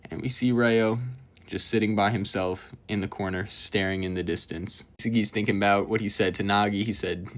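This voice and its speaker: Lively man recapping a manga chapter. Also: on the low side, a little fast. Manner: lively, amused, reading dialogue aloud.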